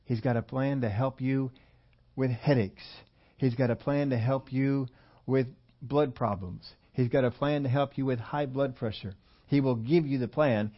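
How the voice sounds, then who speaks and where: A man's voice: medium pitch, dull audio. Older male pastor preaching folksy. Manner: folksy, conversational preaching with repetitions. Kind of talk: sermon. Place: church.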